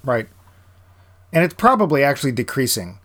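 Animated man chatting about films. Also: medium pitch, moderate pace. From New England. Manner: animated, trails off and restarts while searching for names. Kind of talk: casual film chat.

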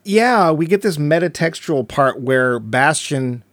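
A man with a slightly higher voice co-hosts a podcast, talking casually about a film. He retells scenes eagerly and slips into little acted-out quotes. The sound is dry and close, with no room around it. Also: expressive, unhurried, a bit bright, dry recording. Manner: enthusiastic, acts out quotes in character. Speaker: podcast co-host. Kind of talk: casual movie review chat.

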